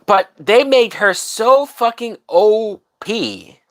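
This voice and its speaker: Male streamer, drunk and unhurried, rambling profane commentary that trails off mid-thought. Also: sits high, lively intonation, a bit bright. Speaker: livestream host. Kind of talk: casual livestream movie commentary.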